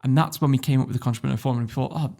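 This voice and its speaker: A quick-talking man from northern England with a gravelly, creaky voice. He tells a story as a podcast guest, loose and animated, swearing freely as he goes. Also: medium pitch. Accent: northern English. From Warrington, England. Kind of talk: casual interview storytelling.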